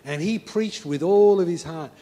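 A man delivers a sermon in a fervent storytelling manner. His voice sits slightly on the high side, and he drives his points home by repeating them with conviction. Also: normal speed, mellow. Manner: fervent storytelling with emphatic repetition. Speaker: preacher.

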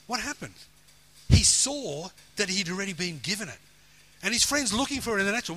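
A man preaching with animated, emphatic storytelling, acting out the lines of the people in his story. His voice sits high and sounds bright and forceful. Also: brisk. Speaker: pastor. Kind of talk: sermon storytelling.

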